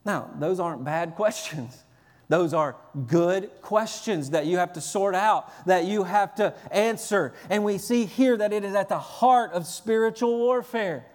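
A man's voice: sits high, a little slow, darkish tone, long reverb tail. A male pastor preaching a sermon earnestly and energetically, often repeating and restarting phrases.

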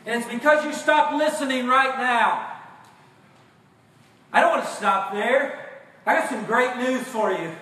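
Male preacher, high voice, hushed to shouting, distant mic in a reverberant church. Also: lively intonation, moderate pace, pauses often. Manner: impassioned, swings from hushed to shouting; acts out mock voices of listeners. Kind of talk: sermon. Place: church sanctuary. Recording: very echoey room, far from mic, faint noise.

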